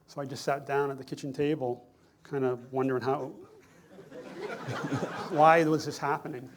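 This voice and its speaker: A man's voice: fairly high pitch, background noise. A middle-aged man, a screenwriter giving a lecture, telling anecdotes in a conversational, self-correcting, amused way.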